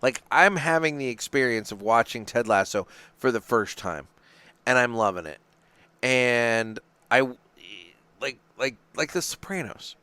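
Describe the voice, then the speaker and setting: A man hosting a podcast from a small studio, his pitch swinging up and down as he rambles through casual chat. He swears freely and trips over his own restarts. The sound is dry and close, with no room echo. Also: measured pace, clear, resonant tone. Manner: rambling, profane, animated, many restarts. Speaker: podcast host. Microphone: studio microphone.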